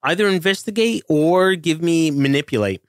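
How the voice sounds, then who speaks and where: A man's voice: fairly high pitch, animated, moderate pace, no room sound, clean studio sound. A man running a tabletop game as game master, giving brief, laid-back prompts.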